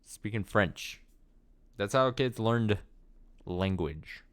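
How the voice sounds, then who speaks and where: A man's voice: fairly low pitch, lively intonation, slow. A man giving casual gameplay commentary while reading through a story game, rambling, swearing and poking fun at himself. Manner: swearing, self-deprecating, rambling. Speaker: let's player.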